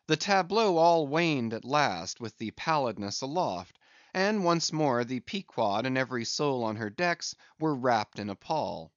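A man reading a classic sea novel aloud as narrator, in an expressive, measured storytelling manner. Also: mid-range voice, no room sound. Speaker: audiobook narrator. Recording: dry, slightly dull recording.

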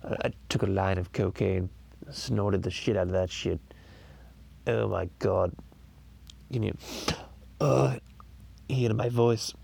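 A scheming, foul-mouthed cartoon baby boy, as a man puts him on for a comedy podcast. He rambles crudely with theatrical groans, in a voice rough with gravelly fry. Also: lowish voice, slow, long pauses, a little mellow, exaggerated voice. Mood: groaning. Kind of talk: improvised comedy impression podcast.

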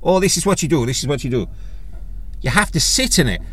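A man's voice: a little high, animated, a little fast, fairly bright tone, husky, voice pushed up. Man putting on a chatty old Irish lady. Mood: instructive. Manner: fussy, polite, grateful.

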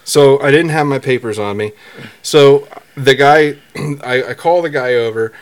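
A man co-hosting a podcast, telling a story in casual chat, halting and rambling with many restarts. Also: medium pitch, smooth. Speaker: podcast co-host.

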